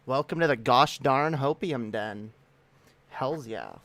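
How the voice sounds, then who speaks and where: A man's voice: mid-range voice, slow, fairly bright tone, dry recording. A man hosting a casual livestream, greeting his chat in a laid-back, profane way. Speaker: livestream host.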